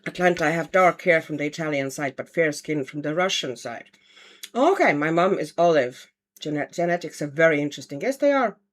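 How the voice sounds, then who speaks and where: A woman's voice: sits low, expressive, a little fast. A woman from Estonia, chatting casually at home on a livestream while colouring and answering viewer comments. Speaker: livestream host, colouring artist.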